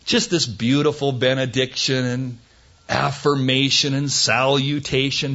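A man's voice: medium pitch, a bit bright, lo-fi sound. A man teaching through a Bible passage in a sermon, earnest and folksy, rising to emphatic, incredulous questions. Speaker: pastor.

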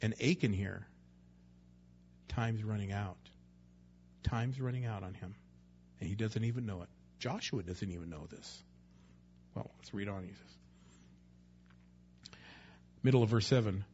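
Man, pastor, conversational sermon, husky voice, dull lo-fi recording. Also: fairly low pitch, a little slow, long pauses, a little mellow. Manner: conversational, acts out voices in quotes.

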